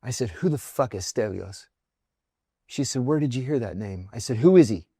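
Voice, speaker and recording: A man's voice: mid-range voice, lively intonation, normal speed, mellow, breathy edge, no room sound, clean studio sound. A middle-aged man, a former intelligence officer, telling a personal story in a podcast interview, acting out the voices of the people in it.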